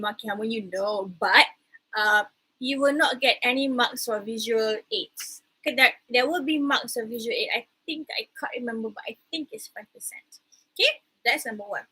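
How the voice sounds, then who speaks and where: A Malaysian woman with a high, bright voice lectures her class. A breathy, husky edge sits under her words as she mixes English with Malay and hammers home each rule. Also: rough recording. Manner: mixes English with Malay words, repeats key rules firmly. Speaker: university lecturer.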